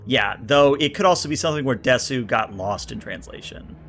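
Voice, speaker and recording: A man's voice: medium pitch, lively intonation, a little fast, a bit bright, faint music behind. A man reviewing a tabletop role-playing book on a livestream. He reads entries aloud, riffs on each one and talks to his chat. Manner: thinks aloud, reads list entries then riffs on them; chatty, answers chat, frequent filler words and restarts. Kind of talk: casual livestream commentary.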